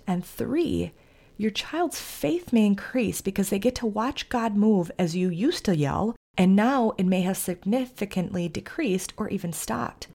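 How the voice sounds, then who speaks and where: Earnest woman giving calm parenting advice. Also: fairly low pitch, gravelly. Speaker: podcast host, family therapist. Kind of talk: faith-based parenting advice talk.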